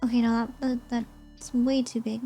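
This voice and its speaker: A woman's voice: on the high side, level tone, normal speed, warm tone, soft background music. A young woman streamer chatting casually and rambling as she ranks movies, often giggling.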